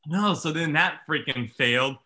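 Bright-voiced man telling a funny story. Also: on the high side, normal speed. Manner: animated, self-mocking storyteller acting out quotes. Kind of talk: casual storytelling chat.

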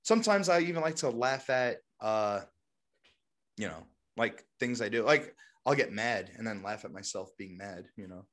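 A man's voice: on the low side, animated, normal speed. A young man co-hosting a podcast in casual chat, rambling and full of fillers like "like" and "you know". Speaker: podcast co-host.

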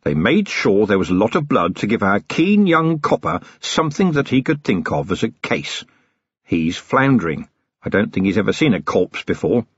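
A man's voice: fairly low pitch, big pitch swings, moderate pace, husky, no room sound, exaggerated voice. Man voicing a weary, brooding police commander. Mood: grim. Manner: dull, grim, thoughtful.

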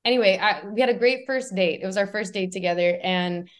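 A woman's voice: mid-range voice, a little fast. A woman guest on a podcast, talking casually and animatedly, laughing often and restarting her sentences. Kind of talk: casual conversational storytelling.

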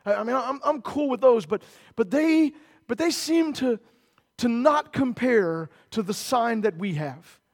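A man with a strikingly high voice preaches a sermon. He talks to his congregation in an earnest, conversational way that swells into emphatic declarations. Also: lively intonation, unhurried. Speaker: pastor.

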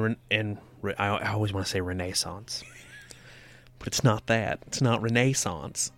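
A man's voice: lowish voice, no echo. A man co-hosting a casual podcast, joking and chatting loosely, breaking into silly put-on voices now and then. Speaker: podcast co-host. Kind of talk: casual chat.

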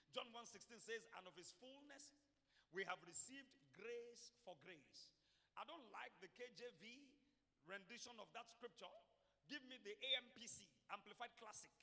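A man preaching with a very high, piercing, bright voice that rings through a reverberant church hall. He delivers a fervent sermon and calls on the congregation to repeat words back to him. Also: animated, normal speed. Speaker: pastor.

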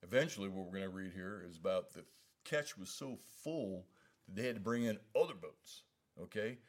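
Man, pastor, casual Bible teaching, animated pitch, chatty, keeps checking in with listeners. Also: moderate pace. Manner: conversational, animated, lots of "you know what I mean".

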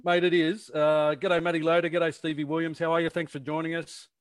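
Chatty podcast host, higher voice. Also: male voice, little pitch movement, fairly quick, clear, resonant tone, no room sound. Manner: chatty, hesitant with fillers. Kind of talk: casual podcast hosting.

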